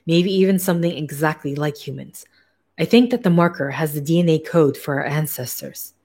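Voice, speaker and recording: A woman voicing an excited male scientist who speaks urgently and insistently. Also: a little high, brisk, husky.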